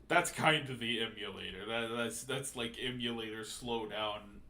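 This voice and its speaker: A man's voice: mid-range voice, unhurried, bright, forceful tone. A man chatting casually while playing a video game on stream, rambling with restarts, laughing and swearing. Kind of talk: casual gaming chat.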